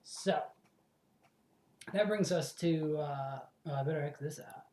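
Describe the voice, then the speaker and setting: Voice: mid-range voice, measured pace, mellow, reverberant. A let's play host in casual commentary, rambling, swearing freely and correcting themself as they go.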